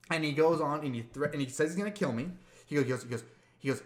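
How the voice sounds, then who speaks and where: A man's voice: fairly high pitch, brisk, fairly bright tone, reverberant. A man co-hosting a podcast, casually telling a long story, repeating words and acting out the quotes. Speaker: podcast co-host.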